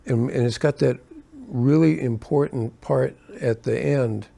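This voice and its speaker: An older man, a keyboardist, telling animated stories from his touring days in a casual way. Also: unhurried, vocal fry. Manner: animated, acts out quotes with rising pitch. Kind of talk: casual storytelling.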